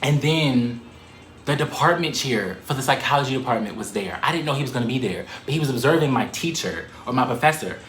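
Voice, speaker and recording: Animated, profane man in a roomy room. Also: medium pitch, a little fast. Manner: animated, profane, laughing often. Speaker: storyteller. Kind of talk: casual storytime monologue to the camera.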